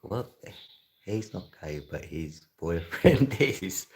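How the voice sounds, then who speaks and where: A man's voice: sits low, lively intonation, takes it slowly, a little mellow. A middle-aged man, chatting casually and laughing often as a livestreamer reads and answers his chat. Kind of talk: casual live stream chat.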